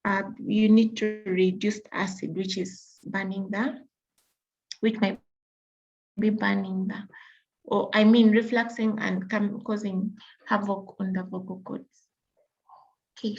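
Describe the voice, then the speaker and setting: A woman giving a patient, explanatory medical lecture as a teacher. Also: medium pitch. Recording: dull lo-fi recording.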